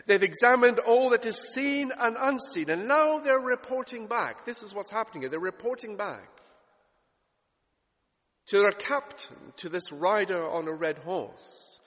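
A man's voice: sits high, animated, a little slow, fairly bright tone, big-room sound. A man preaching a sermon in an expository style, asking rhetorical questions and piling up repeated phrases for emphasis.

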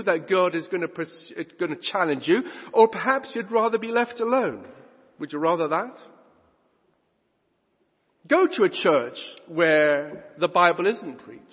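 Animated preacher in an echoing church. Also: male voice, high voice, husky. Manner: emphatic, swinging between loud and hushed. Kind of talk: sermon. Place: church hall. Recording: dull recording in a long-reverb hall.

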